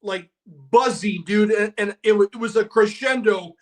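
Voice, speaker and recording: A man in his sixties hosting a podcast, chatting casually and excitably, saying "dude" a lot. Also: sits high, moderate pace. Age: 60s. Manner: excitable, peppers speech with "dude". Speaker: podcast host. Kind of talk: casual chat.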